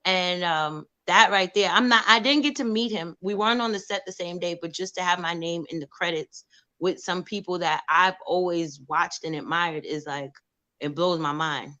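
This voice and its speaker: A woman's voice: on the low side, normal speed. A woman from New York, an actress and producer, telling stories in a casual interview and acting out the voices of the people she quotes. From New York, USA. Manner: animated, acts out quoted voices.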